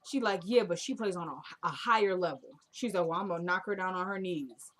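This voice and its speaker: A woman casually recapping a TV drama episode, retelling scenes by quoting the characters in a soft murmur. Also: on the low side, brisk. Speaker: TV recap vlogger.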